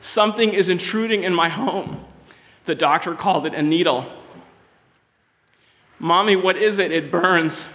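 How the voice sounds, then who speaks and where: A small, plaintive unborn baby girl calls softly to her mother in a raised, gentle voice, as a man reads her poem aloud. The sound rings with the long reverb of a large hall. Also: high voice, unhurried, pauses often, voice pushed up. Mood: pleading.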